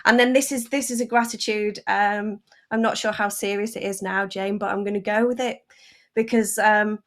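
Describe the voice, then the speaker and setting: A woman's voice: medium pitch, fairly even intonation, normal speed, fairly bright tone. A woman co-hosting a podcast, upbeat and encouraging as she tells light stories. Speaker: podcast co-host. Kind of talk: casual chat.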